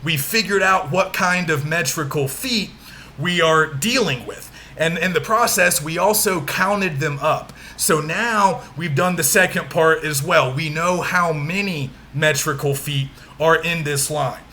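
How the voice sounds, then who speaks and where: A man delivers a recorded lecture with a bright, forceful tone and a slightly high voice. He explains step by step, checking in with his listeners and stretching out stressed syllables for emphasis. A faint hiss sits under the recording. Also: unhurried. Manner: patient, frequent check-ins, exaggerates stressed syllables when demonstrating. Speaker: literature lecturer.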